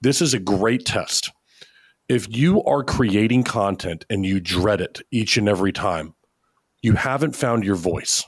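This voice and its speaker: A man's voice: lowish voice, measured pace, husky, no room sound, clean studio sound. A man talking as a podcast guest, giving confident coaching advice in a casual chat. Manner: confident, coaching, acts out examples. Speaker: podcast guest, media company founder.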